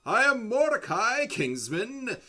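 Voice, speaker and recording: A man voicing a showy male tiefling fight announcer who shouts loud and theatrical to a crowd. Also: extremely high pitch, big pitch swings, slow, pitched above the performer's own voice, exaggerated voice. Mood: booming.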